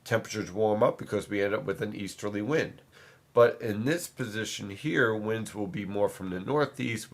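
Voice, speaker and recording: A man, a meteorologist, giving a weather forecast and stressing his key points firmly so nothing is misunderstood. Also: lowish voice. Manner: emphatic, repeats points for clarity.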